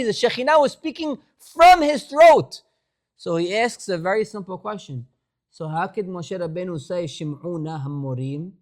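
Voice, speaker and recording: Rabbi, male, fervent Torah class, shifts from soft pleading to forceful exhortation. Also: sits high. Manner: impassioned, pleading, rising to exhortation; mixes Hebrew phrases into English.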